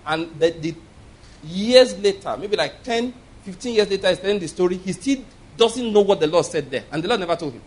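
Chuckling preacher man, higher voice. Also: lively intonation, fairly quick. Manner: storytelling with frequent chuckles and repeated words. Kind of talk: sermon.

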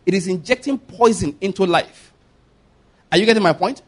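Emphatic high-voiced preacher man. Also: normal speed. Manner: emphatic, repeats questions to the congregation, swings between loud and hushed. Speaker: pastor. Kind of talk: sermon.

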